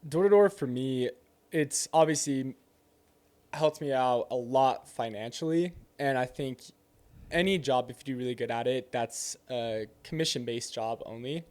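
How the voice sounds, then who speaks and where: A man's voice: medium pitch, measured pace, a little mellow. A young man telling a door-to-door sales story in casual chat, acting out both sides of the conversation.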